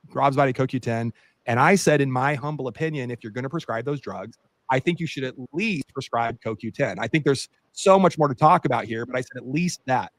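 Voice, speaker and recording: Animated man telling a story, dry sound. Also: medium pitch, no echo. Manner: animated storytelling, many fillers. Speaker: podcast co-host, doctor. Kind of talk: casual podcast chat.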